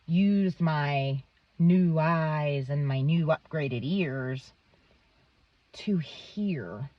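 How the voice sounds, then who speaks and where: A woman's voice: sits low, no room sound, dull audio. A woman vlogging in a casual, rambling monologue, swearing often and filling with "um" and "like.". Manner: rambling, swears a lot, many "um"s and "like"s.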